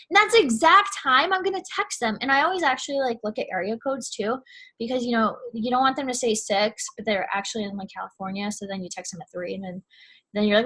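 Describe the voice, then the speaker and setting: A woman's voice: on the high side, fast talker, bright, forceful tone, breathy edge. A young woman casually giving sales advice in a chatty vlog, full of "like" and "you know what I'm saying". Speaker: network marketing seller.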